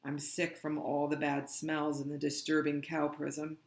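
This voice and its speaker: A storybook reader takes the chapter slowly and deliberately, letting each line settle. The voice sits mid-range. The room gives it a roomy, echoey ring. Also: mid-range voice, completely flat delivery, creaky. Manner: slow, deliberate read-aloud. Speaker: audiobook reader. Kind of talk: reading a children's novel aloud.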